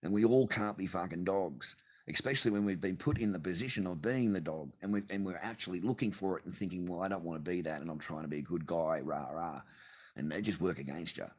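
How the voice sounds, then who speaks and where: A man's voice: low-pitched, quick pace. An Australian man vlogging from his garage, telling a rambling, swear-filled story with bursts of laughter. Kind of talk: casual profane rant to camera. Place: home garage.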